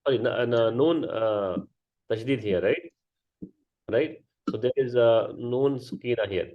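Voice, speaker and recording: A man's voice: medium pitch, measured pace. A man teaching a grammar class, explaining step by step and often checking with students. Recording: dull lo-fi sound.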